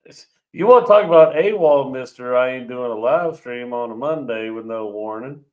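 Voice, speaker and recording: A man's voice: medium pitch, normal speed, phone-quality sound. A man co-hosting a live stream, teasing his partner and laughing often. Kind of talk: casual live-stream banter.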